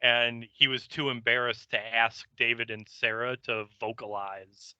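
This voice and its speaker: A man co-hosting a podcast, explaining details and chiming in with quick agreement. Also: mid-range voice, steady tone, bright, forceful tone, smooth, no echo. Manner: quick agreeing interjections, laughs along. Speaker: podcast co-host. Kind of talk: casual episode recap. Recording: muffled lo-fi mic.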